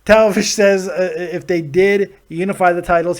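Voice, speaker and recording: Young male call-in host, high voice, brash and jokey. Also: fairly even intonation. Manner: loud, joking, swearing, quick laughs. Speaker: show host taking calls. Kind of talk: casual live call-in show.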